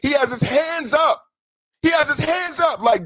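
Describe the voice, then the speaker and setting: Emphatic high-voiced male stream host. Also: expressive, moderate pace, dry recording. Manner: emphatic, repetitive, swings between soft and shouting. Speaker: podcast host. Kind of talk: live-stream commentary over clips.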